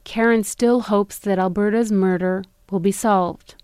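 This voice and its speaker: A woman, an investigative reporter, narrating a documentary podcast in a measured, serious tone. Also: medium pitch, steady tone, a little mellow, smooth, dry recording.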